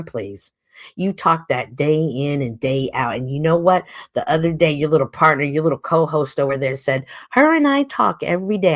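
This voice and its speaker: A woman's voice: low voice, dry recording, studio quality. A woman hosting a livestream, scolding and mocking someone with profane, sarcastic commentary. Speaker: livestream host.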